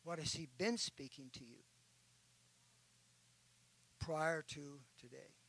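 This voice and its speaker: The preaching bishop's voice is on the high side, slow, fairly bright and slightly rough, heard in a rough recording. He narrates an illustration in his sermon and builds with rising emphasis to forceful points.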